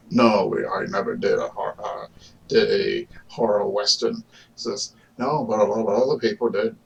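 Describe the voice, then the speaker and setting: A man's voice: on the low side, fairly even intonation, takes it slowly, gravelly, pauses often, bright, forceful tone, recorded from a distance, slight background noise, poor audio. A man delivering a rambling, argumentative casual monologue to the camera, full of fillers and restarts. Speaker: vlogger.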